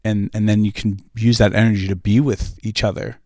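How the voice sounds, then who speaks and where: A man from New England speaks earnestly on a discussion panel, sharing personal stories in a lowish voice. The recording is dry and close. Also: level tone, fairly quick, a little mellow, no room sound. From New England, United States. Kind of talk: podium discussion.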